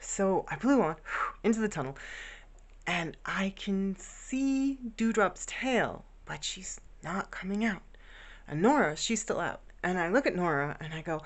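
A woman's voice: mid-range voice, animated, unhurried. A woman casually telling a rambling, affectionate story about her pets at home. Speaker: vlogger. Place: home bedroom.

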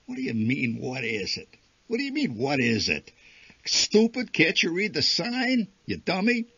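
A man's voice: medium pitch, wildly swooping pitch, moderate pace, gravelly, fairly bright tone, husky, no echo, muffled recording, exaggerated voice. A man voicing an eager, bossy father who gets worked up and blusters. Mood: blustering. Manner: enthusiastic, blustering. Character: excitable, bossy middle-aged father.

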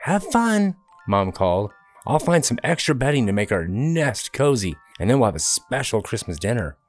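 A man reading a children's picture book aloud in a calm, even storytelling manner. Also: on the low side, normal speed, faint music behind.

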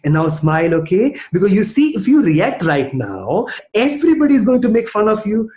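A man giving a lively motivational training talk over a video call, telling stories and calling on participants by name. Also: high-pitched, moderate pace, hardly any pauses, roomy sound. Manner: animated storytelling, addresses participants by name. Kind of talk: virtual training session talk.

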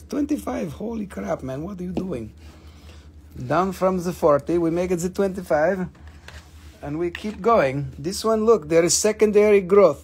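A man hosting a live crystal sale in casual, playful chat. He jokes, gets excited easily and drifts into broken-English sales talk. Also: high-pitched, breathy edge. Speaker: host selling crystals on a live stream.

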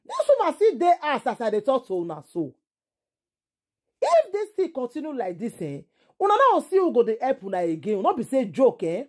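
A Nigerian woman vlogging in a husky, mellow voice. Her pitch swings widely as she exclaims and throws out indignant rhetorical questions. Her commentary stays casual and heated. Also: wildly swooping pitch, moderate pace. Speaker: entertainment vlogger.

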